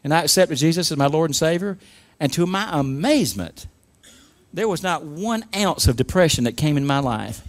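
A man with a light, high-pitched voice preaches a sermon. He builds his lines emphatically and calls on the congregation to repeat after him. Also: lively intonation, normal speed. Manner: emphatic call-and-response preaching. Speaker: pastor.

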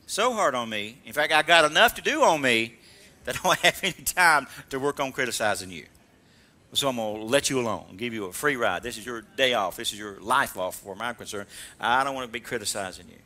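A man preaching a sermon, coaxing call-and-response from the congregation and swinging from loud exhortation to soft, low asides. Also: lively intonation, fairly quick. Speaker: pastor.

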